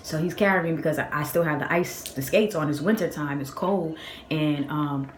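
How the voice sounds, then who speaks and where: Young woman, storytime vlog, chatty, lowish voice, phone mic, echoey room. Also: moderate pace, a little hiss or hum. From Boston area. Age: young adult. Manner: animated, chatty storytelling with many fillers. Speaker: vlogger.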